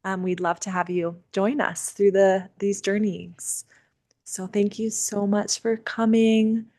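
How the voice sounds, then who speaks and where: A woman speaking on a video call at a middle, even pitch. Her delivery is gentle and unhurried as she winds down a spiritual gathering and answers questions. She pauses and restarts now and then with soft fillers. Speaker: seder leader and teacher. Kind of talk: casual talk closing a virtual gathering.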